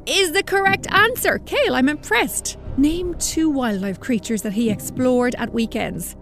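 A woman reading a children's story aloud in a friendly, expressive way and then running a quiz. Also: sits high, a little slow, soft background music.

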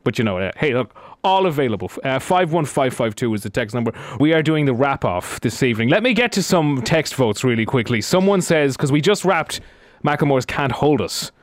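A man's voice: medium pitch, very animated, a little fast, dry recording. A man hosting a radio show, teasing and chatty in casual banter. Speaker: radio host. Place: radio studio.

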